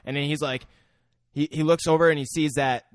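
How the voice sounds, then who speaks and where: A man's voice: a little high, steady tone, a little fast, dry recording, clean studio sound. A young man co-hosting a podcast, recapping a movie in a loose, profane, rambling way and often laughing. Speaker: podcast co-host. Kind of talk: casual movie recap chat.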